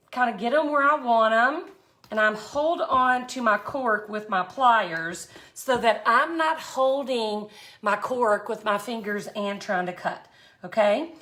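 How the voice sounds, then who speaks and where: A woman's voice: fairly high pitch, pushed and bright. A middle-aged woman hosting a live craft tutorial, chatty and folksy, greeting viewers by name as she works. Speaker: art tutorial host.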